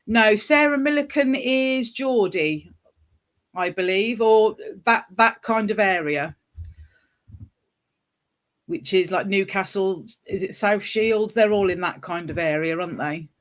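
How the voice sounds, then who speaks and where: A woman from the West Midlands with a faint Wolverhampton accent, chatting as a guest, talkative and quick to agree. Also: medium pitch. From West Midlands, England. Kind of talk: casual chat.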